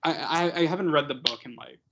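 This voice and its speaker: A young podcast co-host talks fairly fast in a slightly bright, somewhat high voice with vocal fry. Recorded in dull lo-fi quality, his casual chat rambles and mocks, full of fillers and frequent laughs.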